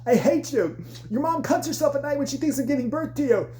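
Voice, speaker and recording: A woman playing a bossy, cruel middle-aged dance teacher in a shrill, shouting voice. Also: expressive, moderate pace, close to an everyday voice. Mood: yelling. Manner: barking orders, mocking and over the top.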